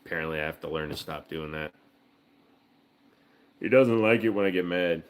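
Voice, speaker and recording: A man's voice: deep voice, big pitch swings, fairly quick, pauses often, slight background noise. A man hosting a casual livestream from home, joking with profanity and cooing baby talk to his dog. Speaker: livestream host.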